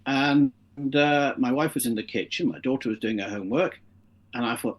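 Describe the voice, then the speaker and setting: In a relaxed interview, this middle-aged guest tells lengthy stories, voicing each character himself. He speaks in a mid-range voice at a moderate pace.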